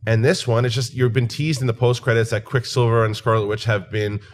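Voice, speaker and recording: A man's voice: medium pitch, little pitch movement, a little fast. A man co-hosting a casual movie news chat, matter-of-fact in tone. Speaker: co-host.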